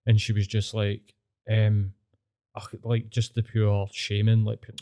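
A man's voice: fairly low pitch, level tone, normal speed, warm tone. A man with a Scottish accent, hosting a casual podcast chat and telling blunt, sweary stories. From Scotland. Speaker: podcast host.

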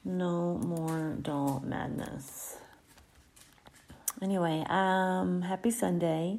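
A woman hosting a casual podcast, telling creepy stories in a laid-back, chatty way and sometimes dropping into a soft whisper. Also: on the low side, vocal fry. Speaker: podcast host.

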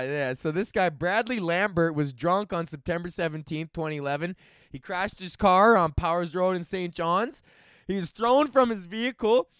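A man's voice: high-pitched, a bit bright, clear, resonant tone, dry recording. A man hosting his own comedy podcast, ranting alone in a loose, profane way and often laughing at his own jokes. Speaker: podcast host. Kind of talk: solo comedic rant.

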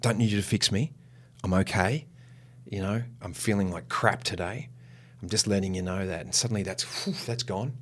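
Reflective man, low voice. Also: a bit bright. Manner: reflective, unhurried, slows for emphasis. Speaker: podcast guest, actor. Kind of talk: casual chat.

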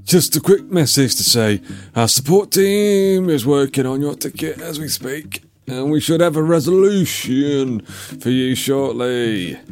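A man's voice: mid-range voice, animated, measured pace, darkish tone, faint music behind, pitched above the performer's own voice. A man voicing a chirpy stray businessman who talks in scripted customer-service phrases. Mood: chipper.

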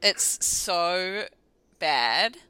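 A woman's voice: fairly low pitch, lively intonation, very slow, sharp tone, clear, resonant tone, no room sound. A young woman co-hosting a podcast, telling stories in casual, sarcastic chat. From New Zealand. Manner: chatty, sarcastic storytelling. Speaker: podcast co-host.

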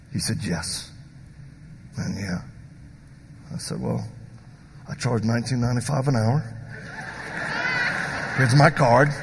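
A man preaching a sermon who tells stories in an animated, joking way and acts out the voices of the people in them. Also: mid-range voice, creaky, slight background noise. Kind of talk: sermon with storytelling. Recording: long hall reverb.

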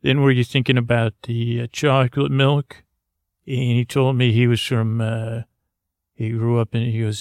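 A man telling an improvised comic story in a rambling, deadpan way. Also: medium pitch, moderate pace, no echo, clean studio sound.

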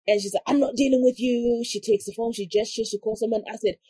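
Woman, casual storyteller, husky voice, dry close sound, acts out the dialogue. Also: fairly high pitch, brisk, hardly any pauses, no room sound. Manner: animated, acts out quoted dialogue; frequent "like" fillers. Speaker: podcast guest telling a story.

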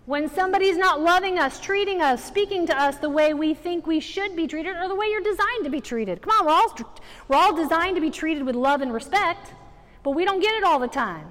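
Very high-voiced woman preaching in a hall. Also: a little fast. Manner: animated, rising to emphatic exhortation. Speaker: guest preacher. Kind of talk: sermon. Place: church sanctuary. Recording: reverberant hall.

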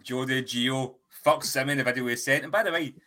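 A man's voice: mid-range voice, a little fast. A man co-hosting a football podcast, telling stories with constant swearing. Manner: sweary storyteller, animated. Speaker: podcast co-host. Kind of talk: casual chat.

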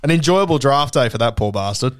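A man's voice: medium pitch, animated, fairly quick, a little hiss or hum. A man co-hosting a sports podcast, telling stories with heavy swearing. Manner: storytelling, heavy swearing, laughing asides. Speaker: podcast co-host. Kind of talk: casual sports podcast chat.

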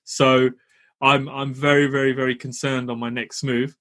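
A man's voice: mid-range voice, moderate pace. A man, co-hosting a property podcast, telling a story in a chatty, slangy way. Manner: animated, chatty, slangy, frequent "you know". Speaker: property podcast co-host and landlord. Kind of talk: casual storytelling.

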